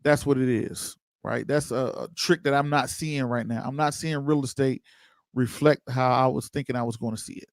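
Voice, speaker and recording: A man's voice: mid-range voice, steady tone, normal speed, no echo. A man hosting an investing livestream, chatting loosely and answering viewers' comments by name. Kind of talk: casual livestream commentary reading chat.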